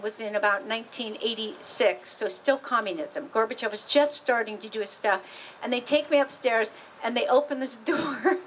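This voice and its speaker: An American woman presenting her book at a museum event, telling stories in an animated, rambling way with frequent restarts. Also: fairly high pitch, a little hiss or hum, rough recording. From United States. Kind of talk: storytelling talk.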